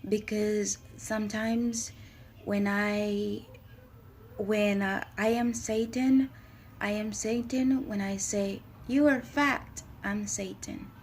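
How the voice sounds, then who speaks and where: A woman speaking haltingly about her own writings and faith, often pausing and searching for words. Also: medium pitch, darkish tone, a little hiss or hum. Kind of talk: personal spoken reflection on faith.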